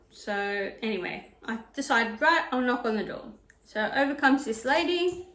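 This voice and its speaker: A woman's voice: high voice, expressive, normal speed, a bit bright, a little hiss or hum. A woman vlogging about knitting and sewing, telling a story in a chatty, digressive way while ironing at home. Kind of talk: casual chat. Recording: echoey room.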